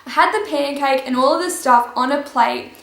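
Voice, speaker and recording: High-voiced woman telling a story, roomy. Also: normal speed. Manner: chatty, animated storytelling with laughs. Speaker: vlogger. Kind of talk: casual storytime.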